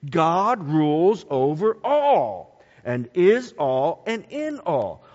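A man preaching a sermon as a pastor, animated and emphatic, repeating key words for weight. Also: sits high, big-room sound, muffled recording.

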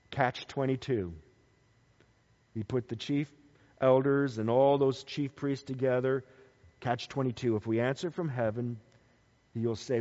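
A man preaching a Bible teaching sermon, animated, swinging between loud emphasis and quiet low asides. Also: measured pace, pauses often. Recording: dull sound with long hall reverb.

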